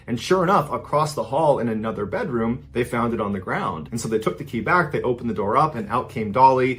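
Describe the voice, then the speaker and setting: A man hosting a storytelling show, recounting a true crime story in a conversational style with dramatic emphasis on key lines. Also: mid-range voice. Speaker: host and storyteller.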